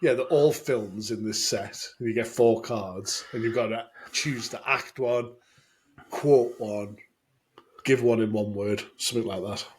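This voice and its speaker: A man's voice: on the low side, a little slow, a little mellow. A man co-hosting a casual beer podcast, chatting with many restarts and bursts of laughter. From Scotland. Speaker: podcast co-host. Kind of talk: casual chat.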